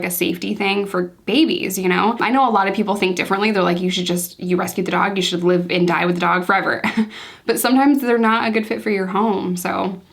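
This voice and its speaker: A woman guest on a podcast, chatting casually and laughing often as she tells stories. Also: medium pitch. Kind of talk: casual chat.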